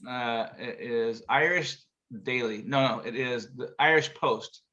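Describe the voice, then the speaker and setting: A man hosts a casual show over a video call, reading jokes aloud as he rambles and chuckles. His voice is medium-pitched, unhurried, pushed and bright, and the call audio sounds muffled.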